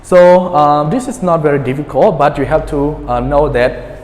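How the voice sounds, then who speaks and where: A man's voice: fairly high pitch, a little mellow. A male teacher in a pronunciation lesson, patiently repeating words and checking in with his students. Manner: patient, repeats words slowly, many fillers and checks like "okay?". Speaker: English teacher. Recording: echoey room with long reverb.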